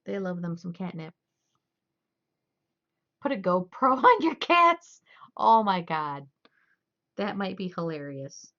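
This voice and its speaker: A woman's voice: fairly low pitch, expressive, slow pace, long pauses, sharp tone. A young woman streamer chatting loosely and laughing as she tells stories. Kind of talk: casual chat. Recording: dull lo-fi stream audio.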